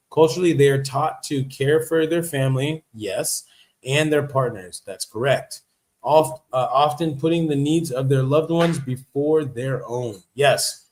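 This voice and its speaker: A man hosting a casual livestream, talking in a chatty, emphatic way, repeating his points and reacting to notes he reads aloud. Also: medium pitch. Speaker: livestream host. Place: living in Vietnam.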